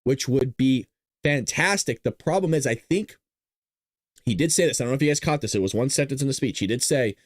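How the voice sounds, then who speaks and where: A man's voice: a little fast, no room sound, clean studio sound. A man hosting a casual political commentary show, joking, laughing and breaking into silly voices. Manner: animated, jokey, often laughing, breaks into high silly voices.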